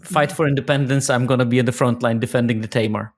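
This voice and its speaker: A man's voice: medium pitch, fairly even intonation, quick pace. A man from Poland with a Polish accent, a guest in a casual podcast chat, who talks freely and repeats words while he thinks. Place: lives in Cornwall, England.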